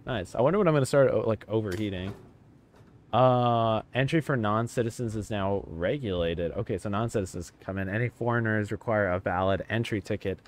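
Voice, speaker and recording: A man giving excitable, chatty let's-play commentary while playing a video game, swearing casually. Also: fairly low pitch. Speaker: gaming channel host.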